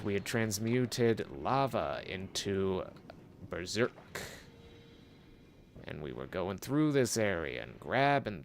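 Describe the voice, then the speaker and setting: Gravelly-voiced man chatting over a game. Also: sits low, slight background noise. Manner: chatty, self-mocking muttering to himself. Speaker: game streamer. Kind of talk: casual gameplay commentary.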